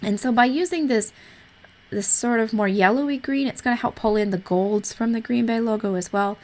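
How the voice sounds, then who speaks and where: A woman narrating a coloring tutorial in an easygoing, explanatory way, a little hoarse as she is losing her voice. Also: a little high, normal speed, darkish tone. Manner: easygoing, explanatory, with frequent fillers. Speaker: art tutorial host.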